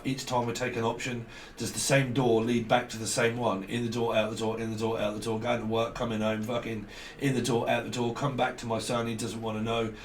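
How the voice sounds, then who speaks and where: A man's voice: mid-range voice, distant mic. A man giving a casual tarot reading to camera. He talks bluntly, swears freely and repeats his phrases. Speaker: tarot reader. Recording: roomy, off-mic, faint background noise.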